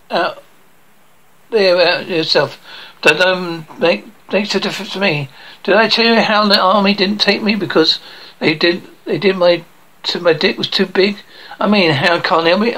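A bright, crisp-edged voice reads through a cartoon episode scene by scene. Character dialogue and spoken sound captions run together, broken by clipped words and restarts. The pitch sits in the middle range. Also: rough recording. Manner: jumps between characters' lines and caption readouts.

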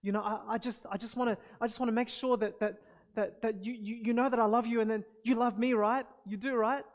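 A man's voice: very high-pitched, steady tone, fairly quick. A man playing a frightened young girl who stammers as she tries to please her parents, as part of a sermon illustration. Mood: anxious. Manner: stammering, repeating herself. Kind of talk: sermon illustration role-play.

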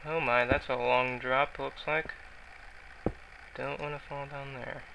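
A man's voice: mid-range voice, little pitch movement, slow, gravelly, bright, forceful tone, slight background noise, rough recording. A man giving rambling, self-mocking commentary while he plays a video game, often mumbling to himself. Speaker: gaming YouTuber. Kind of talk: casual Let's Play commentary.

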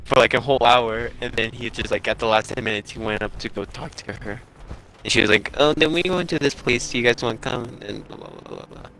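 A man's voice: medium pitch, fast, sharp tone, a little hiss or hum, poor audio. A young man casually telling a long story on a live stream, rambling along with lots of filler "like"s. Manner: rambling, with many filler likes and chuckles.

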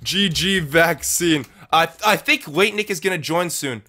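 A man with a slightly high, bright, forceful voice talks unhurriedly while hosting a live let's-play. He addresses chat energetically, repeating phrases and calling his viewers dudes and guys.

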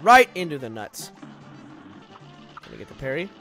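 A young man doing casual, jokey let's-play commentary, rambling and breaking into loud outbursts when he fails. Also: high-pitched, big pitch swings, brisk, long pauses, soft background music.

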